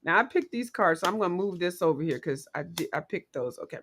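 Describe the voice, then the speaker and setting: A woman hosting a casual livestream, chatting playfully with viewers and quick to laugh. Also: fairly low pitch, lively intonation, a bit bright, a little hiss or hum. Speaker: livestream host.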